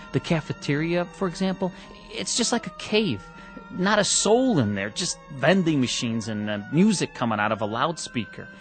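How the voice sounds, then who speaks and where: A man playing a frank, weary factory technician who talks in a plainspoken, exasperated way. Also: sits high. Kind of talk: 1960s radio drama acting.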